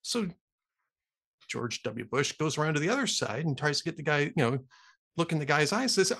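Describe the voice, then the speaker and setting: A man hosting a podcast in casual chat, telling jokes as an animated storyteller who laughs often. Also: on the high side, fairly quick, slightly rough. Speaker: podcast host.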